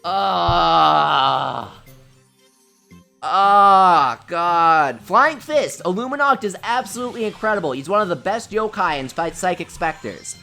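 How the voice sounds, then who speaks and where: A woman streaming a game live, giggling often and gushing with excitement over her pulls. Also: on the low side, takes it slowly, vocal fry. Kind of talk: live-stream gameplay commentary. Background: faint game music.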